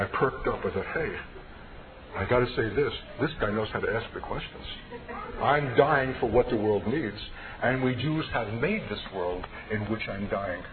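A man from the United States giving an impassioned, emphatic personal testimony sermon. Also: mid-range voice. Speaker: preacher giving his testimony. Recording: tinny, noisy radio broadcast.

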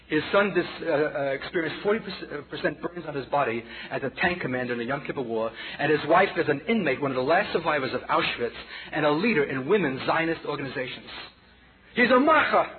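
A fairly high-pitched man with a Brooklyn accent preaches, spinning a dramatic story and lowering his voice from loud to hushed when he addresses the congregation as children. It's captured on tinny, phone-like audio with an audience.

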